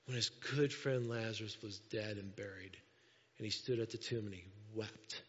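A man preaching a sermon as pastor to his church, lively and acting out the people he talks about. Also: lowish voice, moderate pace, slightly rough. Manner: animated, acts out quoted voices. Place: church sanctuary. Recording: dull lo-fi sound with long hall reverb.

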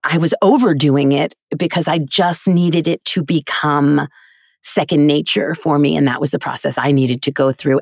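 A woman's voice: sits low, moderate pace, gravelly, no echo, studio quality. A middle-aged woman from Queens with a faint New York accent, a voice actor and teacher telling stories in a casual interview and laughing often. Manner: chatty, animated storyteller, laughs often.

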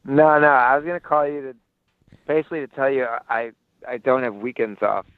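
A man's voice: mid-range voice, fairly quick, smooth, no room sound. A young man rambles through a story in casual chat, tripping over restarts as he goes. His voice comes through a thin, tinny phone line, and the sound is dry and close. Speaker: caller.

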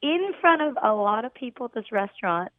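A woman calling in to a radio show, telling a story in a warm, gushing and somewhat halting way. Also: on the high side, sing-song, no room sound. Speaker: caller. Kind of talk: telling a story on a phone call. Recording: tinny phone line.

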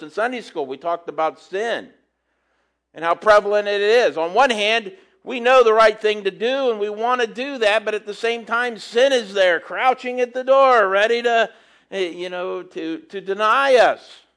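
A man preaching a conversational sermon, reading scripture and adding relaxed, chatty asides. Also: high voice.

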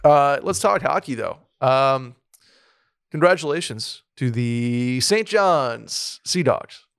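A man's voice: medium pitch, animated, slow, vocal fry, fairly bright tone, clean tone, no room sound, clean studio sound. A man co-hosting a casual sports podcast, rambling with lots of restarts and fillers. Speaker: podcast co-host. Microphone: studio mic with a soundboard.

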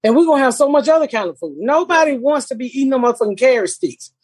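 A woman's voice: high voice, lively intonation, fast, husky, no echo, studio quality. A middle-aged woman comedian hosting a podcast, brash, blunt and profane. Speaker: host, comedian. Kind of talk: casual podcast chat.

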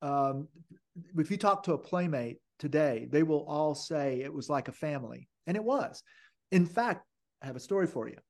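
A man's voice: fairly high pitch, animated, moderate pace, darkish tone. Rambling older man telling stories. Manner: rambling, many restarts and fillers. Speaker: podcast guest, photographer. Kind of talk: casual interview storytelling.

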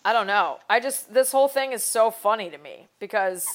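A woman's voice: mid-range voice, lively intonation, a little fast. A young woman co-hosting a casual podcast chat, rambling with lots of fillers and restarts. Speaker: podcast co-host.

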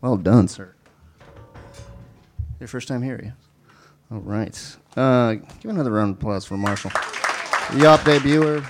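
A man's voice: on the low side, a little slow, long pauses, darkish tone, soft background music, a faint crowd. A man hosting a poetry open mic, casual and chatty with frequent fillers. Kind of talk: live event hosting.

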